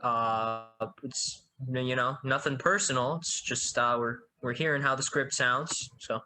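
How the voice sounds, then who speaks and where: Man, bright, hesitant, stammers through fillers, faint hiss behind. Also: medium pitch, steady tone, a little slow. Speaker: sketch writer casting the scene. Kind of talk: scripted comedy sketch banter.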